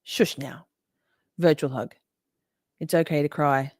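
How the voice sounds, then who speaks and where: Woman, low voice, live-stream host, chatty and sweary, dry close mic. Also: fairly even intonation, takes it slowly, darkish tone, dry recording. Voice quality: swears freely, emotional and chatty. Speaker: livestream host reading chat. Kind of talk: casual live-stream chat.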